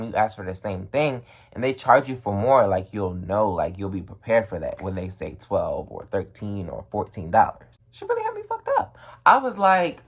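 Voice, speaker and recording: A young man telling a casual storytime, animated and emphatic, with lots of slang. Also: medium pitch. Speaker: vlogger.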